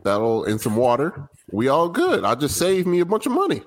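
A man's voice: fairly high pitch, wildly swooping pitch, normal speed. A man co-hosting a podcast, chatting casually in a playful, goofy way with slang. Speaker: podcast co-host. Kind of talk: casual chat.

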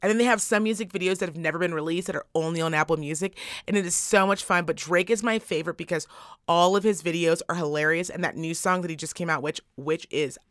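A woman's voice: on the low side, fast, no echo, studio quality. A woman co-hosting a podcast, chatting in a blunt, profane way and telling stories with lots of energy. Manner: blunt, profane, animated storytelling. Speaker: podcast co-host. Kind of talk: casual podcast chat.

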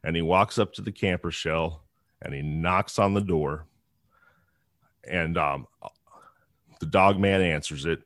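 A man's voice: sits low, a little slow, pauses often, fairly bright tone, dry recording, clean studio sound. A man casually telling a true-crime story, chatty, with frequent restarts and asides.

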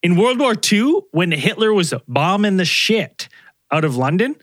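A high-pitched, very lively man bantering on a podcast, swearing freely and acting out quotes. His voice is bright and sharp, and the dry, close recording has no room sound. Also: a little slow, dry recording. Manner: animated, swears, acts out quotes. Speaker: podcast co-host. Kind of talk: casual banter.

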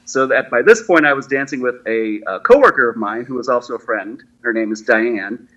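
A man's voice: mid-range voice, lively intonation, fairly quick, a bit bright, dull audio. A man in his forties, a guest telling his story in a chatty, self-deprecating way, laughing easily. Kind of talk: casual interview storytelling.

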